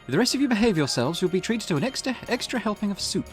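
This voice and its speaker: A man voicing a fussy, high-voiced male expedition member in a video game, speaking in a prim, soothing way. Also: sing-song, very fast. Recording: game music behind.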